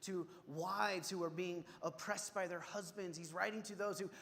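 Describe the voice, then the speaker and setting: High-voiced male pastor, casual sermon. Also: fairly even intonation, moderate pace, creaky, a bit bright. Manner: conversational, many restarts, acts out quotes with rising intensity. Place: church sanctuary. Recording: church sanctuary reverb.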